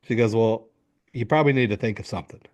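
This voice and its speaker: Speaking fast in a lowish voice, this middle-aged man, a men's coach, recounts a story in an interview. He animatedly acts out other people's quotes and swears without holding back.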